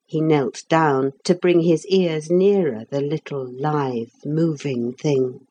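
A woman narrating a children's storybook in a gentle, expressive manner. Her voice is husky and sits a little low. She takes her time, with a lively, rolling melody. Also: slow pace, highs cut off.

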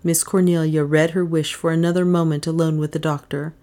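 A woman reading a novel aloud as a narrator, in a measured way, giving the characters modest voices of their own. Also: sits low, level tone, warm tone. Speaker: audiobook narrator.

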